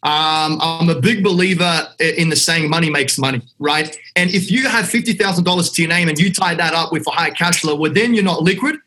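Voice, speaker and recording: An Australian man with a high, bright, forceful voice speaks bluntly in a casual podcast chat. He talks like a confident real estate investor guest, punchy and raw, calling the host "mate" every few lines. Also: a little fast, hardly any pauses, soft background music.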